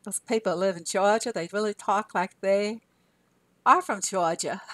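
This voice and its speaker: This game streamer, an older Southern woman from Arkansas, laughs frequently and responds aloud to her chat in a relaxed way. She speaks unhurriedly at a medium pitch, and the recording is dry.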